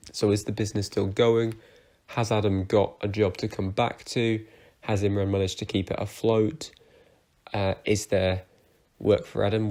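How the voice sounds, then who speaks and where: A man's voice: lowish voice, darkish tone. A young man giving a casual, rambling review of soap opera episodes, with lots of fillers and restarts.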